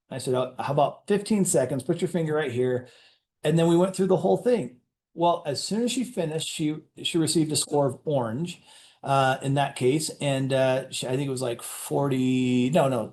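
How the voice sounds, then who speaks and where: A man's voice: on the high side, a little mellow. A man, a company executive, giving an enthusiastic motivational presentation to sales leaders, telling stories with acted-out dialogue and often restarting his words.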